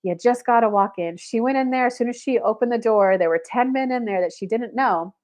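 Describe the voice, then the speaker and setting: A woman's voice: on the high side, brisk. A woman who coaches and gives spiritual readings, telling a story on a livestream about herself in the third person and acting out the people in it. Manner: animated storytelling, talks about herself in third person, acts out quoted voices.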